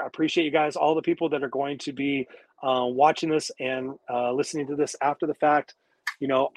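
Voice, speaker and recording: A man's voice: on the high side, no room sound. A man giving a live-streamed motivational talk as a coach, speaking emphatically with frequent swearing and preachy repetition, into wireless earbuds.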